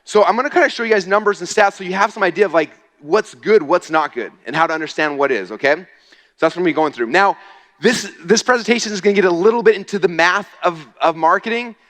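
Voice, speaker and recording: A man giving an energetic, casual stage presentation to a live audience, often checking in with "okay?". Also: high voice, fast. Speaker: speaker at a marketing event. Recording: long reverb of a large hall.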